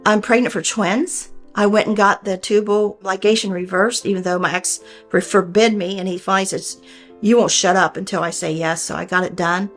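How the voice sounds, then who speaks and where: A woman's voice: mid-range voice, steady tone, normal speed, soft background music. A woman in her sixties telling a personal story in an earnest, heartfelt way, often re-enacting what she and others said. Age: 60s. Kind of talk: personal testimony.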